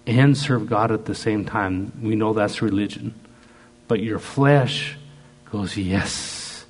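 A man preaching a sermon, slow and emphatic, piling up repeated phrases. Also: fairly low pitch.

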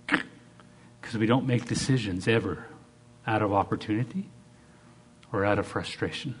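A middle-aged man preaching a sermon as pastor, swinging between loud acted-out quotes and quiet asides. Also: on the low side, moderate pace, long pauses, breathy edge.

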